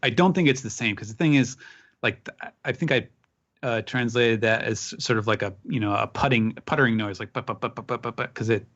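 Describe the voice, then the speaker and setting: A man who is a guest on a casual podcast, thinking out loud with lots of restarts and making sound effects. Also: mid-range voice, fairly quick, dull audio. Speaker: guest translator.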